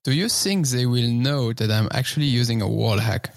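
Guy co-hosting, jokey and halting, dry close mic. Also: mid-range voice, gravelly, dry recording. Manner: joking, halting speech. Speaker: co-host. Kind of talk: casual podcast banter.

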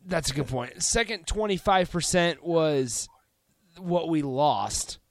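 An easygoing sports-radio host with a light, playful manner. His voice sits a bit high and moves around a lot in pitch as he chats. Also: animated, slow, dry recording.

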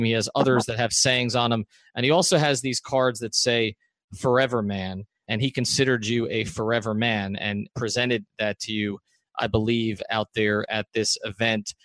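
A man's voice: medium pitch, fairly bright tone, no echo. A man hosting a podcast, setting up background at length before asking his questions in a conversational way. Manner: conversational, thorough, sets up context before asking. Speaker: podcast host.

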